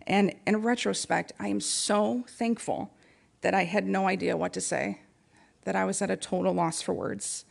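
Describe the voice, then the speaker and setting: A woman's voice: medium pitch, steady tone, normal speed, creaky, breathy edge. A woman giving an earnest, reflective talk to a spiritual community, telling personal stories. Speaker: guest speaker.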